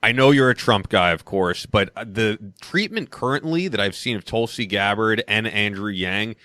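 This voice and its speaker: A man's voice: lowish voice, moderate pace, bright, forceful tone, dry recording, clean studio sound. A man hosting a podcast, asking chatty, leading interview questions. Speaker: podcast host.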